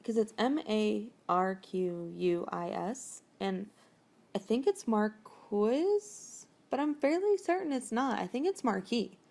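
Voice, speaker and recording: A woman's voice: medium pitch, animated, measured pace, vocal fry, darkish tone. A woman casually recapping a novel chapter, rambling and chatty, with plenty of fillers and casual swearing. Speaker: podcast host recapping a novel.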